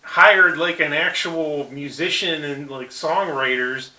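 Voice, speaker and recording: A man co-hosting a casual episode review podcast, laughing often and acting out quoted lines in a high voice. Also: slow, bright, forceful tone, recorded from a distance. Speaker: podcast co-host. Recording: echoey room, somewhat off-mic.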